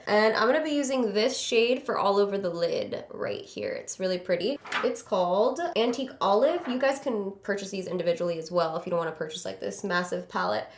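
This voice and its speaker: Chatty woman in an echoey room. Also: mid-range voice. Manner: chatty, close to the mirror, talking while applying makeup. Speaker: beauty vlogger. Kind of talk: casual makeup tutorial.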